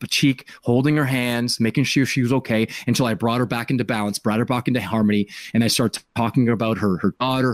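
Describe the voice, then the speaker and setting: A man's voice: medium pitch, dry recording, studio quality. A middle-aged man hosting a podcast, telling an emotional personal story in an earnest way and often repeating words as he searches for them. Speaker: podcast host.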